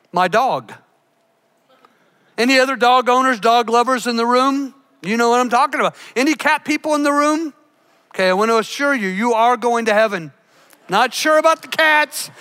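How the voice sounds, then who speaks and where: An older man preaching a sermon as a pastor, swinging between emphatic lines and hushed ones. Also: very high voice, clean tone. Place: church.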